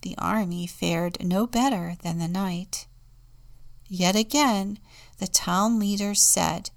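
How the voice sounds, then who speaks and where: A woman deacon reading a children's storybook aloud in a slow, soft, often hushed manner. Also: mid-range voice, vocal fry.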